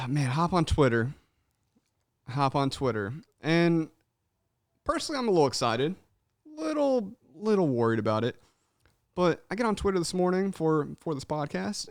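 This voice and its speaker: A man's voice: fairly high pitch, dry recording, studio quality. A young man hosting a podcast, chatting casually and animatedly, swearing freely and calling everyone "man.". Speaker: podcast host. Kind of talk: casual chat.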